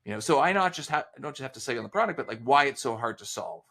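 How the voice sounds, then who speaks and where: Male podcast guest, lively up-and-down delivery, gravelly edge, talks in anecdotes and quoted back-and-forth. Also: mid-range voice, racing. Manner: animated storyteller, acts out quoted dialogue. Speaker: sales author and consultant guest. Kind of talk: casual podcast interview.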